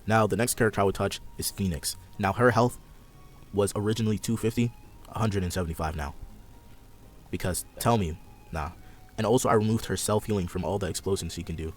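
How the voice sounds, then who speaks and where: A young man hosts a casual gaming podcast chat, rambling through his ideas in a laid-back, somewhat sarcastic way. He talks fairly quickly in a lowish voice, with soft music in the background.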